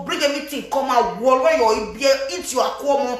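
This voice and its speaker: A woman vlogger with a Nigerian Pidgin accent, gossiping and scolding in animated casual commentary, mixing Pidgin with a local language. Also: high voice, a little fast, echoey room.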